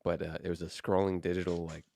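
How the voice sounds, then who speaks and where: Deep, gravelly laid-back young man. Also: flat delivery, fast talker, darkish tone. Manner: rambling, laid-back, says "dude" and "like" a lot. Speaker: podcast co-host. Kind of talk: casual chat.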